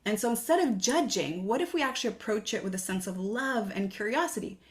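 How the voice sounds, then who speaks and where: A woman's voice: mid-range voice, animated, brisk. A woman hosting her own podcast, talking earnestly and coaching listeners with reflective questions. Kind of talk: solo podcast talk.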